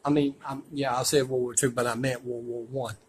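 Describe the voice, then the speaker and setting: A man's voice: medium pitch, flat delivery, a little hiss or hum, low-quality recording. Rambling man touring a museum. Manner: rambling, folksy, quick to complain. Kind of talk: casual walkthrough narration. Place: indoor museum.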